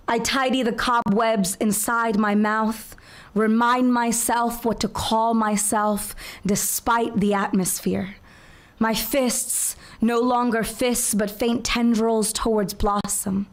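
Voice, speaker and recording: A woman in her twenties performing spoken word poetry at an open mic, with a slow, measured, rhythmic delivery. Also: a little high. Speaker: featured poet. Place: open mic venue with audience.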